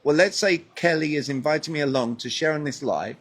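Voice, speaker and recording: Husky British man coaching with emphasis. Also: on the high side, fairly quick. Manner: animated, emphatic speaker who poses rhetorical questions. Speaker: guest communication coach. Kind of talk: conversational interview on a live stream.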